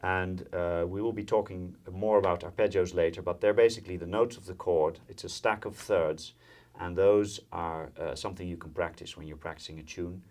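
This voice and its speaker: A deep, slightly mellow voice belongs to a Dutch violin teacher who keeps a steady tone and moderate pace through a jazz violin lesson. He goes step by step, often using fillers and counting in, with violin and guitar playing behind.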